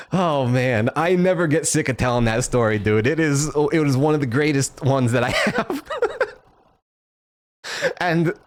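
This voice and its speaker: A man's voice: mid-range voice, big pitch swings, measured pace, pauses often. A young man streaming, telling a story casually to his chat, profane and laughing often.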